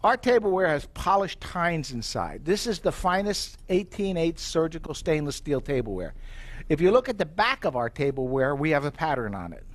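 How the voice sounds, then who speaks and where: A middle-aged man giving a live sales presentation as company president, telling stories and asking the audience questions. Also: on the high side. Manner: animated storyteller, asks the audience questions.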